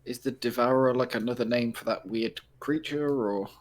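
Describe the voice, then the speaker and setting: A man's voice: mid-range voice, normal speed. A man playing in a tabletop role-playing game, chatting casually and asking the game master questions. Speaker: player.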